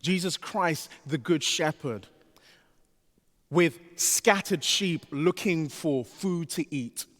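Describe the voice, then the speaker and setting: A man preaching a sermon as pastor, animated, with his voice rising to a pleading pitch as he voices the disciples. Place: church sanctuary. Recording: long reverb of a large church sanctuary.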